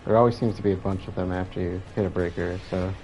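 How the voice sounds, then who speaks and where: A man with a fairly low voice giving casual gameplay commentary. He chats, reacts to what's on screen and swears freely. Some faint ambience sits behind him. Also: fairly even intonation, fast, a little mellow, a little hiss or hum, low-quality recording. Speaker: let's play host.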